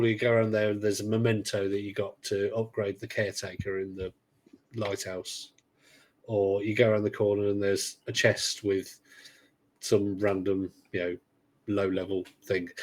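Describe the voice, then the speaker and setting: A man's voice: lowish voice, a little mellow. Chatty man, dry humor. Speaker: podcast co-host. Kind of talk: casual chat.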